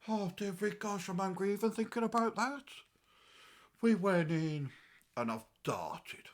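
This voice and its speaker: Bloke doing a grumpy old english grandad, rambling, voice bouncing all over the place. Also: male voice, high voice, full character voice. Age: older. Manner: rambling and aggrieved, swinging between mutters and outbursts. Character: grumbling old English grandad, easily riled. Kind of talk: comic character monologue.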